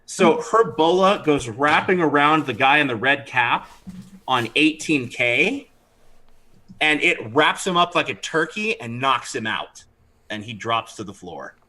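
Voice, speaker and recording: A man narrating as dungeon master of a tabletop game, animated and throwing in character voices. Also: mid-range voice, measured pace, rough recording.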